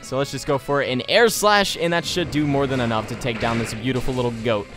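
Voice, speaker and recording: Excitable man narrating a game playthrough. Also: mid-range voice, a little fast, music in the background. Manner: excitable, jokey, talks straight to viewers. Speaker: let's play host. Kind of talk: video game commentary.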